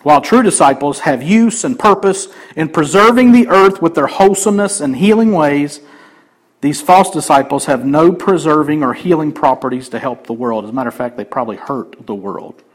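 Man, pastor, sermon, emphatic, slightly high voice. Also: normal speed, low-quality recording. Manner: emphatic, rising to raised preaching then dropping to quiet asides.

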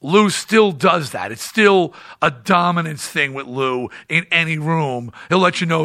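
A male podcast host spins a casual, animated story. His voice is bright and a touch high, and he restarts his sentences often as he rambles on. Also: unhurried.

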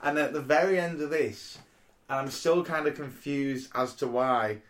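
Animated, swearing man chatting. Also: mid-range voice, normal speed. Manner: animated, swears freely, laughs often. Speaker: podcast co-host. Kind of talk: casual chat.

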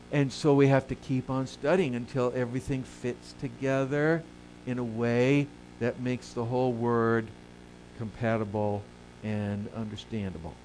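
In this sermon, a male preacher questions the congregation and answers his own questions, shifting between soft, low asides and loud, emphatic swells. It's a low-quality recording with faint hiss or hum.

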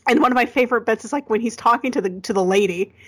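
A woman chatting casually as a podcast guest, laughing often and dropping quick asides. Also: a little high. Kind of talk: casual chat.

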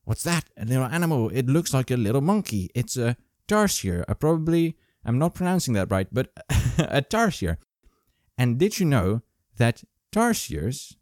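A man hosting his own casual video, joking and rambling through animal facts in a playful, animated way. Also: mid-range voice, dry recording, studio quality. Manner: playful, jokey, animated, full of asides. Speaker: vlog host. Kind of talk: casual comedic fact-sharing monologue. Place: Germany.

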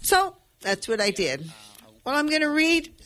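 A woman in her eighties hosting a radio show, reminiscing in a halting way with many restarts and reading her own poetry slowly and with feeling. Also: sits high, very animated, fairly bright tone. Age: 80s. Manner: slow, heartfelt poetry recitation.

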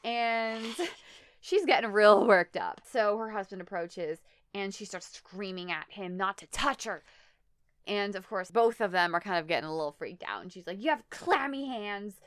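Brief: young woman, podcast co-host, smooth voice, animated recap. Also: medium pitch, no echo, studio quality. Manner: animated storytelling with quick acted-out quotes and laughs. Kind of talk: casual chat.

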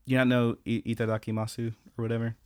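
A man's voice: mid-range voice, flat delivery, fast talker, clear, resonant tone. A young man co-hosting a podcast, recapping an anime in casual, rambling chat and laughing often. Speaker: podcast co-host.

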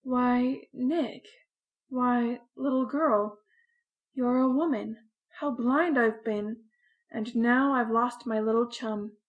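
A gentle grown man murmurs his lines in an unhurried, tender way, voiced by a woman narrating an audiobook. He sounds hushed and soft. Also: on the high side, muffled recording. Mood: stunned. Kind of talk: audiobook character reading.

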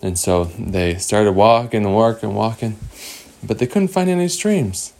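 A man improvising a bedtime story for a child, talking slowly with restarts and repeated words. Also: lowish voice, a little mellow. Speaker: parent telling a bedtime story.

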